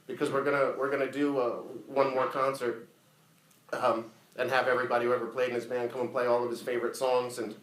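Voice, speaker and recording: A man giving a casual, profane, animated eulogy full of stories at a memorial. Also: medium pitch. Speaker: eulogy speaker. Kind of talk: funeral eulogy storytelling. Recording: echoey room.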